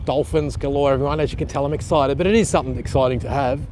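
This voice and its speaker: An Australian man rambling excitedly to live-stream viewers from outdoors beside a canal, with a camera-mounted mic. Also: medium pitch, very fast, a little hiss or hum. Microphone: handheld camera with plug-in mic.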